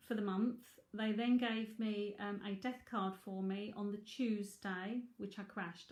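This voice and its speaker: A woman's voice: a little high, roomy sound. A middle-aged woman, a psychic tarot reader, chatting frankly and laughing often as she answers viewers. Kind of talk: casual livestream chat.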